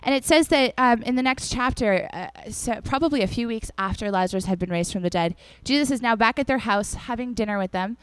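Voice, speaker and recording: A woman's voice: fairly high pitch, fairly quick, few pauses, clean tone, no room sound. Chatty young woman giving a casual sermon. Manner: chatty and animated, acts out the people in the story. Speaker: preacher.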